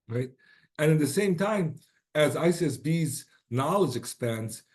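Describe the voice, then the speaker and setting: A man's voice: medium pitch, darkish tone. A man with a slightly worn-out voice wrapping up an online presentation, informal and encouraging, often checking in with "right?". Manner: informal, many restarts and rhetorical "right?". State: slightly lost voice.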